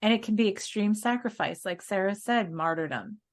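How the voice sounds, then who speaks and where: A woman's voice: mid-range voice, moderate pace. A woman co-hosting a casual spiritual podcast, telling stories in an earnest way and laughing now and then. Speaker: podcast co-host.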